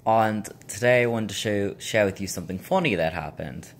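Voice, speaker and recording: Deep-voiced man with a put-on Russian accent. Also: brisk, slight background noise. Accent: Russian-style put-on accent. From United States. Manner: chatty, rambling, wry. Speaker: vlogger. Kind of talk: casual storytelling vlog.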